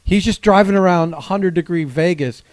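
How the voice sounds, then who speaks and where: A man's voice: high-pitched, moderate pace, a little mellow, a little hiss or hum. A man co-hosting a casual podcast chat, laughing and teasing as he reacts to stories. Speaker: podcast co-host.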